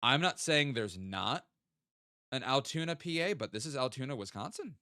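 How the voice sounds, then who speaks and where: Chatty man, lively pitch. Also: moderate pace, clean tone, dry recording, clean studio sound. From American South. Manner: chatty, thinks aloud, hums to himself. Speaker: streamer playing a geography game. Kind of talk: casual live-stream chat.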